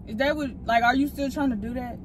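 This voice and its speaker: Woman w a high voice sweet-talking and teasing from the car seat, lots of noise around. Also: steady tone, fast talker. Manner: teasing, coaxing, mock-soothing. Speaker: prankster vlogger. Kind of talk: casual prank banter in a car. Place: inside a parked car.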